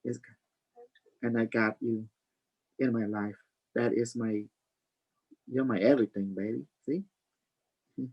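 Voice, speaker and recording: A man's voice: mid-range voice, steady tone, a little slow, long pauses, darkish tone, slightly rough, lo-fi sound. A man hosting a live stream, rambling loosely and preaching, dropping "you know" and calling people honey. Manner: affectionate, calls listeners honey. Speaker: livestream host.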